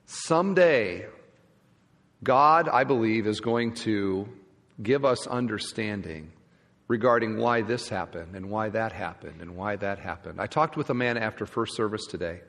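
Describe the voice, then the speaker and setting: A man's voice: mid-range voice, a bit bright. Emphatic male pastor in a reverberant hall. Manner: emphatic, asks the congregation rhetorical questions. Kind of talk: sermon. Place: church sanctuary. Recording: long church hall reverb.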